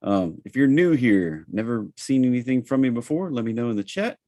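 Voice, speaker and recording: A man's voice: mid-range voice, fairly quick, no echo. Chatty Southern man hosting a webinar. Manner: relaxed, chatty, with frequent fillers. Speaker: trading webinar host. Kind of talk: casual live webinar presentation.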